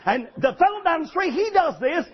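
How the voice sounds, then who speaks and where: Brief: man putting on a shrill, nagging wife, high and sharp, reeling off grievances. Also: big pitch swings, fairly quick, lo-fi sound. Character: nagging, complaining middle-aged wife.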